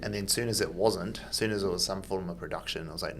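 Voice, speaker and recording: A man's voice: sits low, quick pace, slight background noise. A man hosting a podcast, asking loose, rambling questions full of restarts and fillers. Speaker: podcast host. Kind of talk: casual interview chat.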